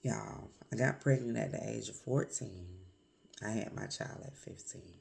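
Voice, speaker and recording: A woman vlogger with a hoarse voice from a cold, speaking candidly and reflectively in a confessional vlog, with many pauses and fillers. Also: rumbling low, darkish tone.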